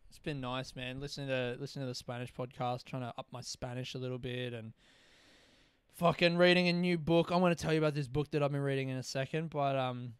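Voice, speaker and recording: A man's voice: mid-range voice, fairly even intonation, fast talker, clean tone, no room sound. A young man, rambling through a casual solo podcast with plenty of swearing and self-deprecating asides. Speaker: podcast host.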